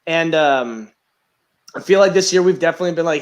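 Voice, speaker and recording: A man's voice: fairly high pitch, lively intonation, quick pace. Swearing, rambling young man on a podcast. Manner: rambling, sarcastic, swears a lot. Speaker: podcast host. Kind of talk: casual profane podcast chat.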